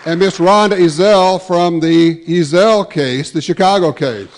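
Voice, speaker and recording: A man's voice: high-pitched, a little slow, a faint crowd, a little hiss or hum. Folksy man emceeing in an echoing hall. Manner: folksy, with self-correcting restarts. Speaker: emcee at an awards luncheon. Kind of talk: joke-telling emcee remarks. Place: large banquet hall.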